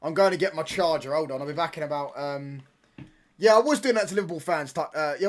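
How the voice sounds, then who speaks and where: A young man holds forth on football during a live stream from home, talking a little higher than most men. He rambles, trades jabs with his chat and throws in plenty of slang. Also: fast. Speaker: livestream watchalong host.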